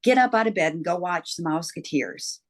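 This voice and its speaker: A woman voicing a brisk mother who brushes off her child's story. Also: lowish voice, expressive. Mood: dismissive. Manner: brisk, dismissive.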